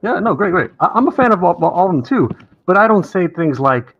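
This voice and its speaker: A man's voice: very animated, a little fast, fairly bright tone. A man calling into a live streamed show, arguing in an aggrieved, lecturing way and mimicking the people he quotes. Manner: aggrieved, lecturing, imitates others in higher voice. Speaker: caller on a streamed talk show. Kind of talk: heated debate on a live stream. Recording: dull lo-fi stream audio.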